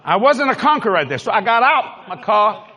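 New orleans guy preaching, high voice that swoops all over, folksy and emphatic, big echoey church. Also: very animated, brisk, bright, forceful tone, breathy edge. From New Orleans, Louisiana. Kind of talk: storytelling sermon. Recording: long hall reverb.

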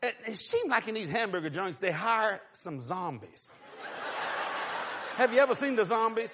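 Man, preacher, sermon storytelling, high voice, very animated pitch. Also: moderate pace, background noise. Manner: animated, laughing storyteller with sudden hushed drops.

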